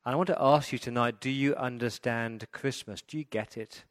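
A man who is a pastor, giving a Christmas sermon, telling stories and building to loud, emphatic preaching. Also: medium pitch, moderate pace.

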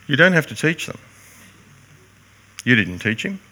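A man's voice: medium pitch, very animated, unhurried, pushed and bright, a little hiss or hum. An older man preaching a sermon, earnest and emphatic, posing rhetorical questions to his congregation. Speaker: pastor.

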